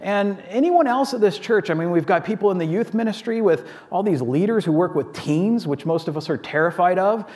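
Casual-preaching man, slightly high voice. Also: expressive, fairly quick, few pauses, a little mellow. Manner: conversational, casual preaching with many asides. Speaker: pastor. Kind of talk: sermon.

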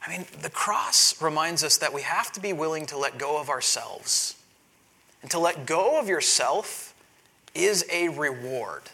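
Animated bright-voiced male pastor preaching. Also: fairly high pitch. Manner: animated storytelling, laughs between lines. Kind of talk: sermon.

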